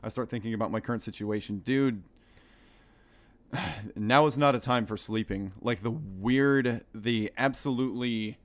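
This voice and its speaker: A man's voice: lowish voice, unhurried. A young American man streaming, reading a visual novel aloud and rambling between lines. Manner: rambling, animated commentary with laughs.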